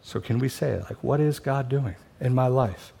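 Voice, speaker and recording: A male pastor delivers a sermon in an easy, conversational manner and slips in joking asides to the congregation. His voice sits at an average pitch for a man. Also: normal speed, vocal fry, warm tone, slightly rough.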